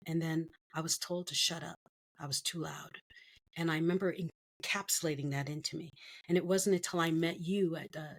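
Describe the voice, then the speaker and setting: A middle-aged woman from the Philippines tells her life story to an interviewer. Her voice sits low for a woman. She acts out what others said to her, swinging her pitch up and down as she goes. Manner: animated storyteller acting out quoted voices. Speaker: guest.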